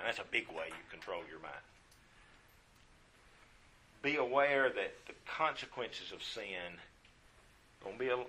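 A man's voice: on the low side, bright, forceful tone, a little hiss or hum. A man preaching a sermon in a folksy way, often repeating phrases for emphasis.

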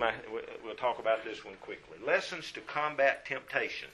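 A man's voice: medium pitch, moderate pace, background noise. A man preaching a sermon in a folksy way, often repeating phrases for emphasis.

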